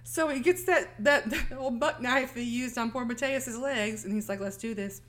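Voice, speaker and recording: A woman co-hosts a casual podcast and retells a film scene by scene. She talks in an animated way and acts out the characters' lines. Her voice sits fairly high. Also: moderate pace. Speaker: podcast co-host.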